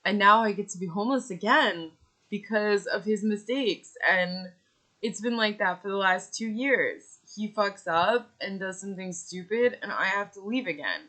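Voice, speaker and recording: A furious woman vents straight to camera in a personal vlog, swearing freely and pushing out her words in heated bursts. Her voice is bright and cutting, sitting at an ordinary middle pitch for a woman. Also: normal speed. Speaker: vlogger. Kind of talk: angry personal rant to camera.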